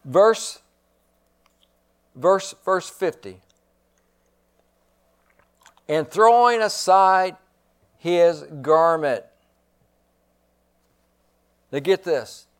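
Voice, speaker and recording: A man's voice: high voice, animated, extremely slow, long pauses, clear, resonant tone. A man preaching a sermon as pastor, emphatic and given to repeating his phrases.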